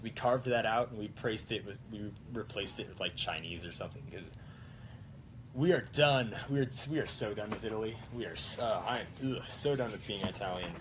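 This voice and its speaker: A man's voice: fairly low pitch, normal speed, a bit bright, slight background noise. A man cosplayer chatting casually on a live stream, rambling and correcting himself with little jokes. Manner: rambling, self-correcting and jokey.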